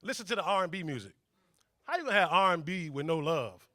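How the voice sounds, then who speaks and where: A man works the room in a stand-up set, his voice high and bright. He talks loud and animated, jumping into characters. Laughter rolls behind him from a club audience. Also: fast, no echo, studio quality. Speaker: student stand-up comic. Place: comedy club stage.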